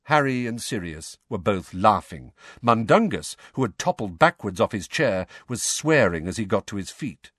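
A man reading an audiobook as narrator, in an expressive storytelling manner. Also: on the low side, moderate pace, few pauses, husky, dry recording, clean studio sound. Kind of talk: scripted narration.

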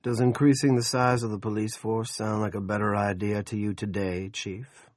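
A man voicing a smug, scheming middle-aged male town politician who speaks slowly and condescendingly. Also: on the low side, level tone, dry recording, clean studio sound, lightly acted. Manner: slow, condescending and self-satisfied.

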